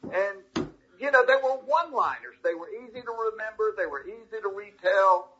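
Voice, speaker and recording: Husky bright-voiced Southern man telling stories. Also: high-pitched, dull audio. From Georgia, US. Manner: animated, folksy anecdotes with quick restarts. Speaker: comedian guest. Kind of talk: casual interview storytelling.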